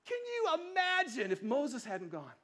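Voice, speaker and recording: Guy pastor, super high voice, talky playful sermon style. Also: a little slow. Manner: lively, chatty preaching with playful asides and repeated words. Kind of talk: casual conversational sermon.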